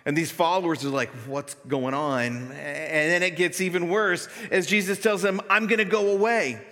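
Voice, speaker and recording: A man preaching a sermon as pastor, talking in a conversational way and growing animated when he voices the disciples. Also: fairly high pitch, normal speed. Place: church sanctuary. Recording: long hall reverb.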